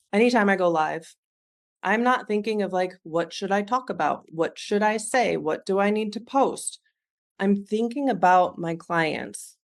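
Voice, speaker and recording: A woman in her thirties giving a heartfelt, earnest business coaching talk, speaking straight to her listeners. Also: medium pitch.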